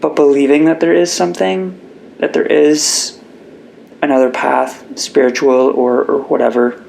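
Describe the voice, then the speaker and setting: A man's voice: on the high side, steady tone, unhurried, creaky, darkish tone, slight background noise, poor audio. A young man as an interview guest, talking earnestly and reflectively about his life, with emotion close to the surface. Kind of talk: candid personal interview.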